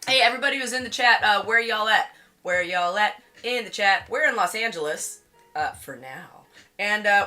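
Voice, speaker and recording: A woman's voice: mid-range voice, a little fast, pushed and bright, soft background music. A tired woman co-hosting a casual livestream, chatty and giggly as she reads the chat aloud. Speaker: livestream co-host. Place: home studio in Los Angeles area.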